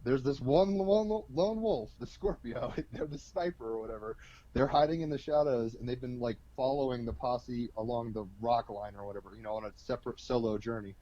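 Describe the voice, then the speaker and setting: A man's voice: mid-range voice, a little fast, no echo, muffled recording. Rambling man telling a story. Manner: rambling, filler-heavy, animated storytelling. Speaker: astrologer guest. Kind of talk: casual storytelling explanation.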